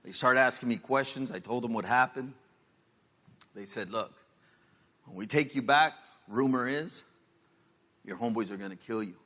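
Bright-voiced Chicano pastor telling his story. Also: mid-range voice, moderate pace, pauses often. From Los Angeles, USA. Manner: street slang, rising to loud emotional peaks. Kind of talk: sermon testimony.

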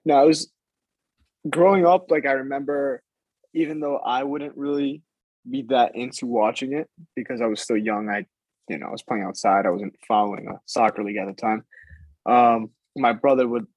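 A man's voice: mid-range voice, steady tone, normal speed, husky, no room sound, highs cut off. A young man, a soccer player being interviewed, talking casually and hesitantly, with many fillers as he thinks aloud. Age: young adult.

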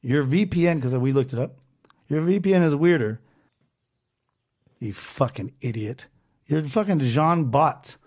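A man hosts a loose, profane podcast and rants as he reads out online comments. His voice sits somewhat high for a man. He swears freely and talks in a casual, running way. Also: measured pace, pauses often, a little mellow. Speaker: podcast host.

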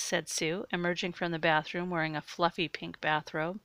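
A woman narrating an erotic audio story in a steady, measured way. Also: on the low side, no echo.

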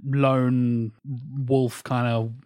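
A man chatting enthusiastically on a podcast, full of quick asides. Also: medium pitch, little pitch movement, a little mellow, clear, resonant tone, dry recording, clean studio sound. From England. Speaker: podcast guest. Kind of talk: casual chat.

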